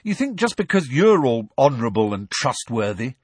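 A man's voice: mid-range voice, very animated, moderate pace, breathy edge, dry recording, pitched above the performer's own voice. A man doing an eager, indignant teen schoolboy. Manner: blurting, indignant.

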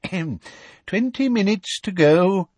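A man voicing a fussy, easily scandalized elderly male examiner in a storybook reading, with a prim, flustered manner and a husky, lively voice. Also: high-pitched, unhurried, dry recording, voice pushed up, exaggerated voice.

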